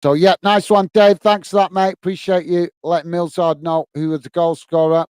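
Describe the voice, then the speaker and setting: A man's voice: high-pitched, little pitch movement, normal speed, darkish tone, clean tone, no echo. A British man hosting live fan commentary of a football match, reading out viewer comments and calling people "mate" in a blunt, chatty way. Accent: British English. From England. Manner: calls "mate" often, blunt and chatty, gets openly irritated.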